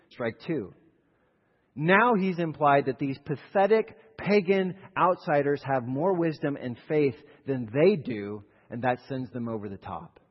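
Husky-voiced male preacher in a reverberant hall. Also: a little high, muffled recording. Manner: storytelling, acts out the characters. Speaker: pastor. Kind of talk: sermon.

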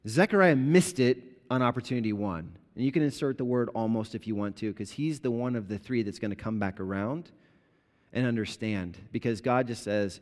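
A man preaching a sermon as a pastor, explaining scripture conversationally and bringing the story to life with lively retellings. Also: medium pitch, normal speed. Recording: long reverb of a large hall.

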